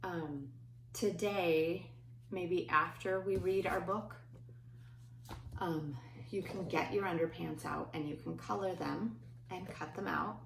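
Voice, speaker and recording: A woman teaching her kindergarten class remotely, with gentle sing-song talk aimed at small children. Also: lowish voice, steady tone, takes it slowly, creaky, roomy sound, distant mic, noisy background.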